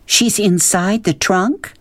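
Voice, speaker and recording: A man's voice: high-pitched, slow, dry recording, pitched above the performer's own voice. A man voicing an alarmed, anxious mother in a storybook reading, exclaiming in distress.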